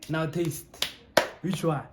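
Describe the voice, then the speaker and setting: A man's voice: fairly high pitch, steady tone, slow, very noisy. A South African man co-hosting a couple's vlog, teasing his partner and laughing often in playful casual chat. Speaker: co-host of a couple channel.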